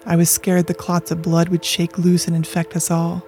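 An adult from Colorado reading personal journal entries aloud in a quiet, measured way, at times dropping into a whisper. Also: medium pitch, completely flat delivery. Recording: dry close mic with faint music.

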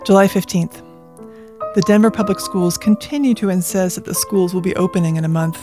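An adult from Colorado reading personal journal entries aloud in a quiet, measured way, at times dropping into a whisper. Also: medium pitch. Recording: dry close mic with faint music.

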